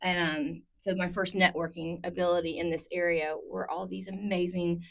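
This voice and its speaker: Guest: woman, 30s, founder, low-set voice, animated storyteller who acts out quoted lines, casual interview. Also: moderate pace, gravelly. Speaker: interior design company founder, podcast guest.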